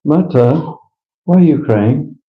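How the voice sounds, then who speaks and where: A man's voice: fairly high pitch, animated, slow pace, voice pushed up. A man voicing a young male calf who protests insistently, in a roomy, slightly dull live recording. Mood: distressed. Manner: insistent, repeating "no".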